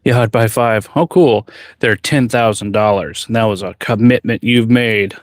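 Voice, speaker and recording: A man's voice: on the low side, moderate pace, no echo, studio quality. A man who is a blacksmith, chatting casually on a livestream from his forge workshop, rambling and reading viewer questions aloud.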